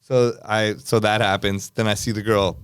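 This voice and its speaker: A man hosting a podcast, telling a long club story in a casual, animated way with frequent laughs. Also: fairly low pitch, moderate pace, clear, resonant tone, no room sound, clean studio sound. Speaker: podcast host.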